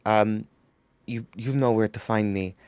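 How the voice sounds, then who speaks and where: A man playing his character in a tabletop game, speaking in a hesitant, halting way. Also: on the low side, steady tone, darkish tone, clean tone, no room sound. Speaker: player.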